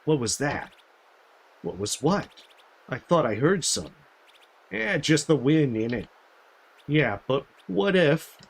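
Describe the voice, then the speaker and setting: A man's voice: fairly high pitch, big pitch swings, takes it slowly, gravelly, pauses often, slightly rough, pitched above the performer's own voice, full character voice. A man voicing grumbling gremlin guards who bicker on a cold night watch in a game. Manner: whiny, bickering.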